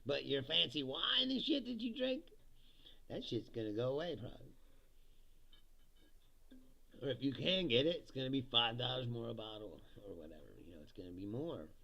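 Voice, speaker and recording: A man's voice: medium pitch, lively intonation, brisk, gravelly, bright, forceful tone, dull audio. A man hosting a livestream, giving a casual, profane political rant with sarcastic asides and chuckles at his own jokes.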